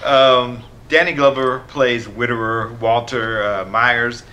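A man co-hosting a movie review, speaking in a measured, articulate way with a dry wit. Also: medium pitch, steady tone, crowd noise. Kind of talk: casual review chat.

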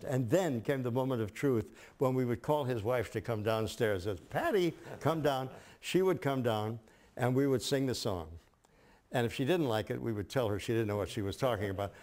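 A man's voice: mid-range voice, brisk, a little mellow. An older man, a songwriter being interviewed, looks back on his work with a wry, dry humor. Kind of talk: reminiscing interview answer.

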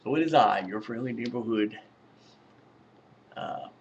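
A man's voice: medium pitch, a little slow, muffled recording, a little hiss or hum. A tired man rambling in a casual late-night vlog, laughing often and swearing freely. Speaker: vlogger.

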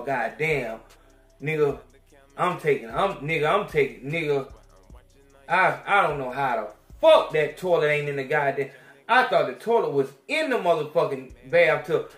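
Profane, animated man storyteller. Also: on the high side, reverberant. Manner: profane, animated, swings between loud outbursts and mutters. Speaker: podcast host. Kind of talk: crude storytelling rant.

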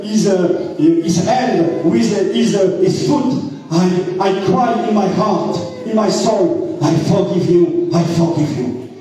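A French man preaching a sermon in English as a pastor, halting often, repeating words and filling pauses. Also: high voice, dark tone. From France. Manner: halting, repeats words and uses many fillers. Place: church hall. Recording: echoey hall, voice from far off.

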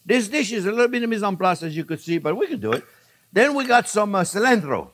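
Older french guy cooking on his channel, animated sing-song voice, chatty, keeps saying friends. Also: high-pitched, fast talker, slight background noise. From France. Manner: chatty, repeatedly calls viewers friends, laughs at himself. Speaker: cooking show host. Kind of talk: casual cooking demonstration.

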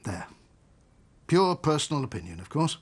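An actor playing a weary, dry-witted divorce solicitor, who speaks in a measured, formal way and narrates. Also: male voice, a little high, big pitch swings, slightly rough. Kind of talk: radio drama with narration.

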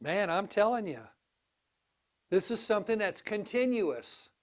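A pastor preaches an animated sermon in a church at a measured pace. He suddenly rises to exclamations, drops into low asides, and restarts frequently.

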